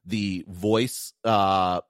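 A middle-aged man with a Wisconsin accent talks tech on a podcast, his fairly low voice jumping up when he gets going. He restarts often and tags his points with "right?" and "like". The sound is dry and close to the mic. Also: dry recording. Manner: animated, quick restarts and frequent "like" and "right?". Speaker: podcast co-host, tech analyst. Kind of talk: casual podcast chat.

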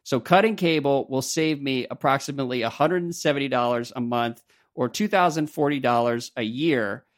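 A man's voice: medium pitch, normal speed. A man hosting a tech podcast with wry, dry humor, chatting and reading listener emails aloud. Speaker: podcast host. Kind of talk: casual podcast chat and reading listener mail.

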